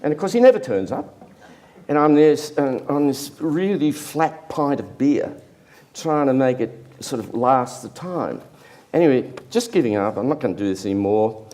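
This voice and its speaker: An older artist telling a self-deprecating anecdote in a lively, rambling interview manner. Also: male voice, on the high side, a little slow. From Australia. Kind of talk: anecdotal storytelling.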